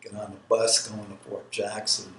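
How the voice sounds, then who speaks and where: An army veteran in his sixties, from New York, rambles and laughs through his life story during an oral history interview. He speaks at a normal speed in a lowish, monotone voice with a fairly bright tone. The recording is roomy with a faint background hiss.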